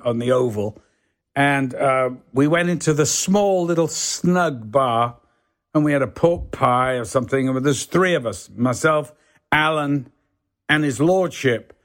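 A man, a podcast guest telling show-business anecdotes in a lively way and swearing freely. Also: mid-range voice. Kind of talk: anecdotal storytelling.

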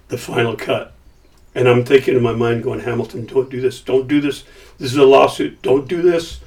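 A man's voice: medium pitch, gravelly. A middle-aged man casually recounting a business story, acting out the quoted voices as he goes. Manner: animated, acts out quoted dialogue. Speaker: company founder telling a story. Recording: voice somewhat far from mic.

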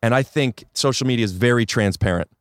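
A male comedian guest on a podcast outdoors, chatting casually with wry, deadpan jokes. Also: medium pitch, fast, no room sound, clean studio sound. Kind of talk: casual chat.

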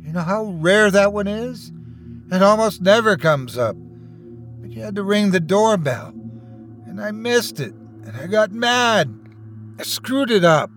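A man's voice: sits high, animated, unhurried, a bit bright, faint music behind, pitched above the performer's own voice. A man voicing a guilt-ridden, despairing man who mumbles.

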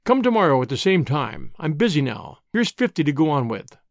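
A man's voice: a little high, big pitch swings, brisk, creaky, dry recording, clean studio sound. A man reading an audiobook, voicing a bullying middle-aged businessman who snarls out his suspicious questions. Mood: grudging. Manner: snarling, forceful, impatient.

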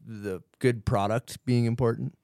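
A man's voice: mid-range voice, steady tone, a little slow, creaky, mellow. A man hosting a podcast, leading the chat and teasing his guest in a playful way. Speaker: podcast host.

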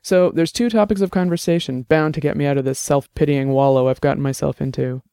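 A man voicing a rapidly aging, gruff old former bruiser who talks bluntly and wryly. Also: a little high, fairly even intonation, dark tone, dry recording, clean studio sound. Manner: blunt, salty, wry.

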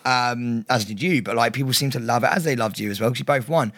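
A man's voice: medium pitch, fast talker, a bit bright, no echo, clean studio sound. A man co-hosting a podcast, playful and mischievous, asking the guest questions. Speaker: podcast co-host. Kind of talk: casual banter.

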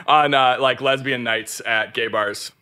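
A woman's voice: extremely low pitch, steady tone, measured pace, sharp tone, slight background noise. A woman guest on a podcast, chatting casually and laughing often between her phrases. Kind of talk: casual chat. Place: podcast recording session.

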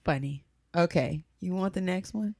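A woman co-hosting a podcast, chiming in with lively jokes and reading posts aloud. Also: fairly low pitch, normal speed, dry recording, clean studio sound. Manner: lively, joking interjections. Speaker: podcast co-host.

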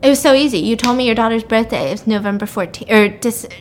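Lady putting on a mean teen psycho boy, loud and sneery, kinda high and pushy. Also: fast, a little hiss or hum, natural voice. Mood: taunting. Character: teenage boy psychopath, mocking and cruel.

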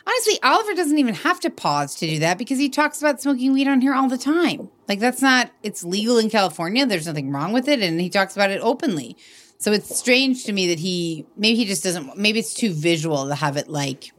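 A woman co-hosting a podcast, chatting casually and thinking out loud as she reacts to a clip. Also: mid-range voice, very animated, brisk. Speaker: podcast co-host. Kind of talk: casual re-watch chat.

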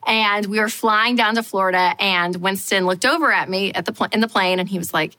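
A woman hosting a money advice show, telling a lively personal story and acting out her own reactions. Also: medium pitch, a little fast. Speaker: show host.

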